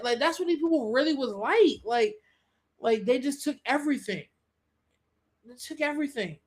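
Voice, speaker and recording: A woman hosts a casual live-stream podcast in a slangy, profane style. Her somewhat high voice swings widely, leaping up when she launches into animated rants. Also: moderate pace, long pauses.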